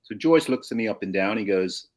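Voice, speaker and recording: Older man telling stories, low voice. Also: lively intonation, brisk. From St. Louis, USA. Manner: rambling anecdotes with frequent restarts, chuckles. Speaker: guest. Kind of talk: casual storytelling.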